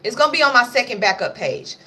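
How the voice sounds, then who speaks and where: A woman's voice: a little high, very animated, fast talker, pushed and bright. A woman hosting a casual livestream, talking bluntly and profanely and scolding her pets between topics. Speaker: livestream host.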